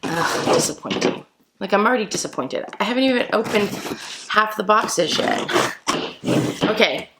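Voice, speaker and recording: A woman vlogger chatting excitedly to her viewers while opening mystery boxes for an unboxing video. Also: medium pitch, moderate pace, long pauses, heavy background noise. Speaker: toy collector vlogger. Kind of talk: casual unboxing vlog.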